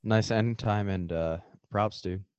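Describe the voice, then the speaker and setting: Laid-back young man, low voice, dry sound. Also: slow, a little mellow, clean tone, no echo, lo-fi sound. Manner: teasing, laughs often, wrestling predictions. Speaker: podcast co-host. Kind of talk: casual chat.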